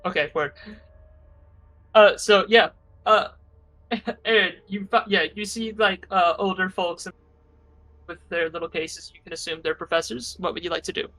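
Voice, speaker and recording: Bright-voiced man running a tabletop game. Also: sits high, fairly even intonation, moderate pace, pauses often, poor audio. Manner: casual, hesitant, many fillers. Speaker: game master.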